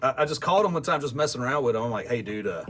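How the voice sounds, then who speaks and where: A man's voice: a little high, expressive, very fast, a bit bright. A man hosting a casual chat, full of slang like "dude" and "man". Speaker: podcast host.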